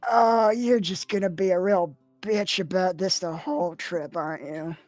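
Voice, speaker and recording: A man's voice: high voice, fairly even intonation, normal speed, a little mellow, no room sound, faint music behind. A man playing a tabletop game, speaking in character in a wry, theatrical way. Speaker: player.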